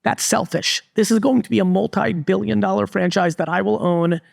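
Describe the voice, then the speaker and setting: A middle-aged man speaking to a live crowd, blunt and emphatic, leaning hard on his points. His voice sits high with a gravelly edge, and the sound is close and dry. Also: fairly even intonation, a little fast, no room sound. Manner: blunt, emphatic, repeats "literally". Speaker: entrepreneur and guest speaker. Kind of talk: live stage talk to an audience. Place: resort event stage before a live audience.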